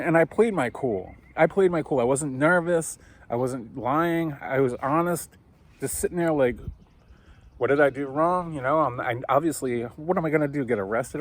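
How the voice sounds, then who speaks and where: Guy vlogging a story, casual, swears a lot, does little voices for people, middle pitch. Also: moderate pace. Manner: animated, swearing, acts out quoted voices.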